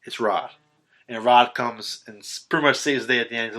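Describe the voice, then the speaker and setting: A man on a podcast excitedly retelling a horror film's ending in casual, profanity-laced chat, full of ums and restarts. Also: medium pitch, fast talker. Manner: animated retelling, swearing, filler-heavy. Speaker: podcast host. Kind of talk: casual film recap chat.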